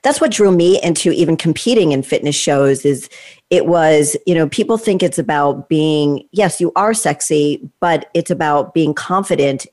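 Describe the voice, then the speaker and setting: A woman's voice: deep voice, moderate pace, a little mellow. A woman in her sixties hosting an interview, talkative and enthusiastic, asking leading questions. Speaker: interview host. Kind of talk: conversational interview.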